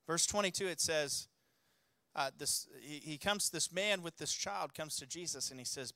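A man's voice: a little high, moderate pace, sharp tone, no echo. A man preaching a sermon as a pastor, telling stories in a conversational way with frequent restarts and rising to urgent exhortation. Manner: conversational storytelling with many restarts.

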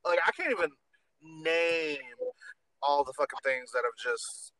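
A man's voice: on the high side, measured pace, sharp tone, low-quality recording. A man hosting a podcast in casual chat, campy and gossipy, swearing freely. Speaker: podcast host.

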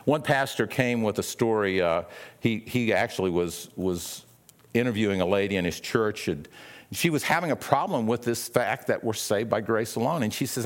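A man's voice: lowish voice, expressive, normal speed. A male pastor preaching a sermon in a conversational way, often repeating words and acting out quoted voices.

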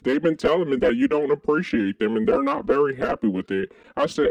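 Podcast co-host, man, gravelly low voice, very lively pitch, dry close mic. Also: fairly quick, dry recording, muffled recording. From Kentucky. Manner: animated, jumps to high exclaims. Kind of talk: crude comedic podcast banter.

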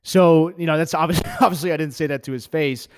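A man's voice: fairly high pitch, steady tone, a little fast, no room sound, clean studio sound. A young man from Texas hosting a podcast, telling his own story in a candid, profane, easygoing way. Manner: candid, profane, heated with laughs. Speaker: podcast host. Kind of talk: casual storytelling monologue.

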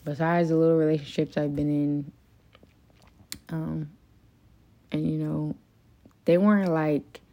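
Low-voiced woman venting profanely. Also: flat delivery, unhurried, long pauses, warm tone. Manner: frequent fillers like "like" and "um". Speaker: podcast host. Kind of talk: confessional solo monologue.

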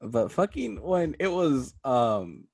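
A young man in casual chat, animated and acting out quotes, laughing often. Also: medium pitch, slow, gravelly, husky.

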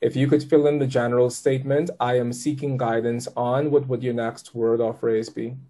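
A man's voice: mid-range voice, flat delivery, moderate pace, mellow. A man giving a live tarot reading to a client, upbeat and chatty, with patient step-by-step directions. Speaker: tarot reader.

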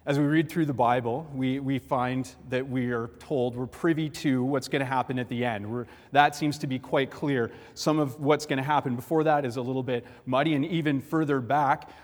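Pastor, male, mid-pitched, storytelling sermon, big church reverb. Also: normal speed, hardly any pauses. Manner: storytelling, animated joke-telling. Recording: long hall reverb.

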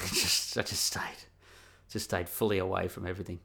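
A middle-aged Australian man talks alone into his podcast mic, loose and candid, circling back on himself and swearing freely. His voice sits fairly low yet sounds bright and forceful. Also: flat delivery, brisk, vocal fry. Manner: rambling and candid, frequent restarts and swearing. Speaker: podcast host. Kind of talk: casual solo podcast monologue.

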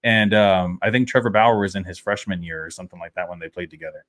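Relaxed man in casual sports chat. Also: low-pitched, quick pace. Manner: relaxed, thinks aloud with fillers. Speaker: podcast co-host.

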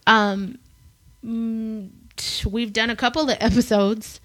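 A woman co-hosting a podcast, chatting casually and telling a personal story with animated, acted-out quotes. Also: a little high, takes it slowly, no echo. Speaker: podcast co-host. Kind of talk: casual chat.

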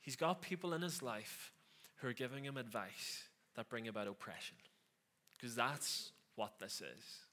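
A man's voice: mid-range voice, measured pace, sharp tone. A man preaching a conversational sermon, with sarcastic asides and frequent questions to the listeners.

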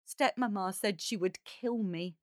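A woman voicing a meek, kind young girl who pleads softly in a storybook. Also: mid-range voice, unhurried, no room sound, clean studio sound, natural voice. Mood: pleading. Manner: pleading, soft-voiced.

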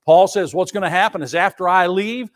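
Man, pastor, high voice, emphatic sermon, rhetorical questions. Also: a little fast.

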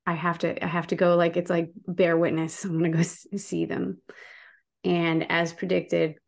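A woman's voice: lowish voice, little pitch movement, normal speed, creaky. A woman, a guest activist, talking passionately in a casual interview and telling stories with frequent restarts.

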